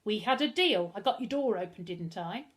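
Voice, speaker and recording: A woman's voice: mid-range voice, fairly even intonation, fairly quick, natural voice. A woman reading a story aloud, voicing an eager, whiny grown man who talks in a pleading, insistent way.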